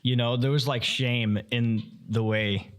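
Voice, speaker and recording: A man's voice: mid-range voice, steady tone, measured pace, clear, resonant tone. Man making dry joking asides. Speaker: podcast co-host, tech worker. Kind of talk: casual chat.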